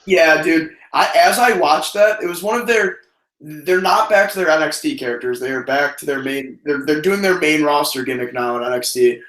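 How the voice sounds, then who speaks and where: A man's voice: a little high, moderate pace, roomy sound, poor audio. A man casually co-hosting a wrestling review, talking profanely and breaking into mocking impressions. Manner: profane, animated, does mocking voices. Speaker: podcast co-host.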